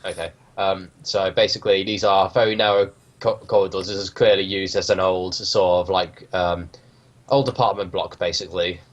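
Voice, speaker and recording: Low-voiced hesitant young game master. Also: male voice, little pitch movement, normal speed, lo-fi sound. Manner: hesitant, many ums, rules talk. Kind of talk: narrating a tabletop game.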